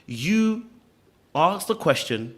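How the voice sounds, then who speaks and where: A man's voice: fairly high pitch, very animated, slow pace, fairly bright tone. A man, hosting a podcast and giving emphatic, opinionated commentary full of stammering restarts. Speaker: podcast host reacting to clips.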